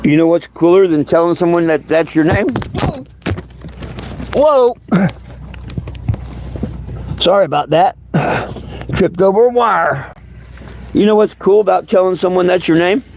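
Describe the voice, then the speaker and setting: Gravelly rambling man outdoors. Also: sits high, a little mellow, a little hiss or hum, low-quality recording. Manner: drawn-out, hesitant, full of fillers and repeats. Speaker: vlogger. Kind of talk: casual rambling vlog talk. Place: outdoors by his bus. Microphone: camera he handles himself.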